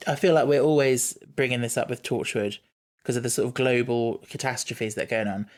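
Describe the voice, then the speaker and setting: This man co-hosts a podcast and casually mulls over a TV series, frequently stumbling into fillers and restarts. His intonation stays fairly even, his voice is mid-range, and he speaks a little fast.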